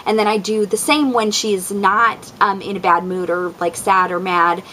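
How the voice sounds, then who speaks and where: Chatting about parenting tips, this young mom vlogger fills her speech with ums and likes and acts out the lines she says to her kids. She speaks at normal speed with a medium pitch, fairly even intonation and a bright, forceful tone, on a low-quality recording with a little hiss or hum.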